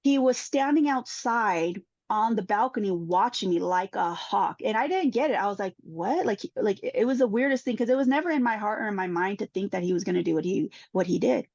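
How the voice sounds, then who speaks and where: A woman's voice: medium pitch, lively intonation, brisk, few pauses, a little mellow, dry recording. A woman who is a panel guest, giving an emotional personal testimony and acting out the exchanges she quotes. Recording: dull, dry sound.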